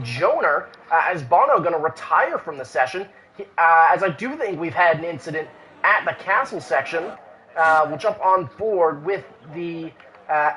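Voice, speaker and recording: A man's voice: a little high, fairly bright tone, a little hiss or hum, rough recording. A man giving live commentary on an online sim racing qualifying session, with frequent "uh" fillers and restarts. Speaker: race commentator.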